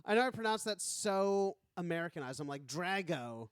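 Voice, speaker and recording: A man's voice: high-pitched, fairly quick, clear, resonant tone, no echo, studio quality. A man co-hosting a podcast, talking in a chatty, jokey way. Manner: chatty, jokey, trails into laughs. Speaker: podcast co-host. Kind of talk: casual chat.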